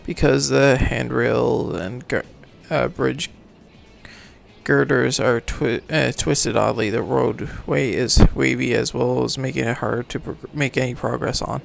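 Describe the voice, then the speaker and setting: A man reading a game's story aloud for a let's play, halting and correcting himself, then signing off casually. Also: medium pitch, fairly even intonation, creaky, slight background noise. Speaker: let's player, reading game text. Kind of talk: reading game narration aloud, casual outro.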